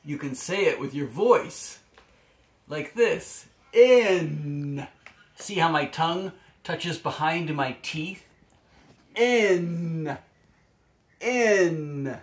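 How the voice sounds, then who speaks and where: Male speech therapist for a kids' lesson, home setup, extremely slow and deliberate delivery. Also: on the high side. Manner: slow, deliberate modeling of single words. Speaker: speech-language pathologist.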